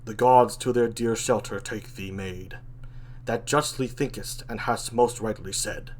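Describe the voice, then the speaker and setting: Man reading a plain-spoken loyal nobleman, slow measured verse. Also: on the low side, fairly even intonation. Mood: solemn.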